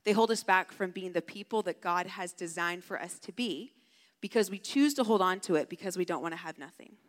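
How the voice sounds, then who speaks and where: A woman's voice: fairly low pitch, brisk. Brief: woman camp speaker, casual chatty sermon, long hall reverb. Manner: casual, chatty, heavy use of "like". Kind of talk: storytelling sermon.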